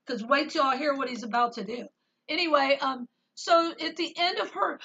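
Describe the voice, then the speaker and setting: A woman's voice: high voice, normal speed, sharp tone, dull audio. A woman giving an emotional personal testimony as a Christian vlogger, speaking emphatically and reading scripture aloud with rising intensity.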